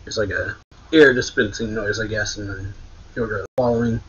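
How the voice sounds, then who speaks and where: A man casually walks through a comic chapter, trailing off into fillers and punching up the quoted lines. His voice is bright and a little husky. The recording sounds dull and lo-fi. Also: fairly even intonation, brisk. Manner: reads quoted lines louder and higher, loose filler-heavy retelling. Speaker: manga reaction host. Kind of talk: casual reading and retelling.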